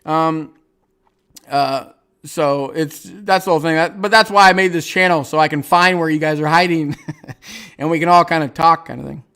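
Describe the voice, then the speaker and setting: A man's voice: on the high side, normal speed, bright, forceful tone, smooth. A man hosting a casual livestream, chatting and reading viewer comments in a rambling, hesitant way with lots of fillers and restarts and frequent chuckles. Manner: chuckles often while talking.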